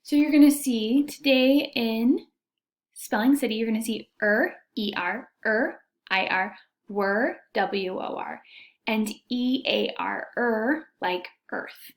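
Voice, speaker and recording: A woman teacher giving a recorded reading lesson to young students, sounding out letters and vowel sounds with slow, careful diction. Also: fairly high pitch.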